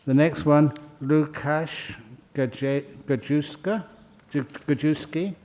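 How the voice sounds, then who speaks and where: A man leads a ceremony, calling out names one by one and chatting with each person he welcomes. His delivery is slow and unhurried, and his voice has a dark, mellow tone. He often laughs lightly between names. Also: a little high, steady tone. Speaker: monk leading a ceremony. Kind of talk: reading names and welcoming new members. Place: meditation hall.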